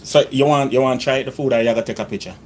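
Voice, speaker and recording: A man's voice: medium pitch, steady tone, very fast, a little hiss or hum. A middle-aged Jamaican man chatting casually through a home cooking vlog in his kitchen, slipping into patois phrasing. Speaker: cooking vlogger.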